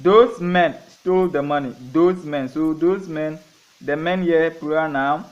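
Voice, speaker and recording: A man teaching a grammar lesson, going slowly through examples, repeating each one and asking and answering his own questions. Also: a little high. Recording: dull lo-fi recording.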